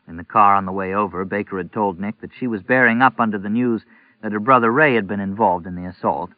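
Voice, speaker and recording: A man narrating a novel in a measured, even reading. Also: on the low side, dry recording. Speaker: audiobook narrator. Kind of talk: scripted narration. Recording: tinny narrow-band audio, dry.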